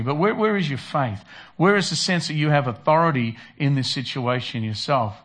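A man's voice: on the high side, moderate pace, a bit bright. A man preaching a conversational sermon who acts out prayers and Bible voices. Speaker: pastor.

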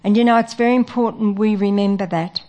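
A woman preaching a sermon in an earnest way, pausing often with fillers. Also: mid-range voice, fairly even intonation, dark tone. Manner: earnest, with frequent filler pauses.

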